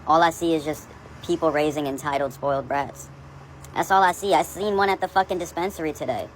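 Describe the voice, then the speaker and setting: A woman's voice: low voice, fairly quick, slight background noise, rough recording. A woman ranting casually in a profane, sarcastic, exasperated way. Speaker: commenter. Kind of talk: casual opinion rant.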